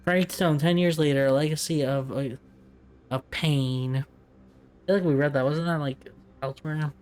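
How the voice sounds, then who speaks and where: A man's voice: a little high, fairly even intonation, unhurried, darkish tone, smooth. A man playing a story game, casually chatting and reading in-game documents aloud, often chuckling and stumbling over tricky words. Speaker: let's play gamer.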